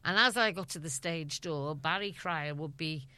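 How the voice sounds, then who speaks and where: A woman's voice: low voice, moderate pace, sharp tone, smooth, no echo. A middle-aged woman with a Liverpool accent, a chatty guest telling stories in an interview and laughing often. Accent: Liverpool (Scouse). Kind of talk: anecdotal interview chat.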